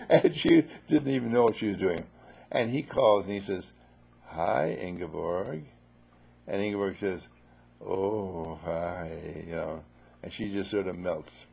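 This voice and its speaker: Gravelly guy giving a teaching talk, playful little stories, voice swings up and down a lot. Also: on the low side, a little mellow. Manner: playful, repetitive storytelling.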